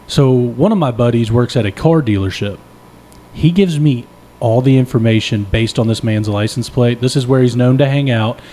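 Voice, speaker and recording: A man's voice: medium pitch, normal speed, slight background noise. A young man co-hosting a podcast, telling a long, profane, rambling story in a casual, self-deprecating way and laughing often. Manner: animated, profane, rambling anecdote. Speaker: podcast co-host.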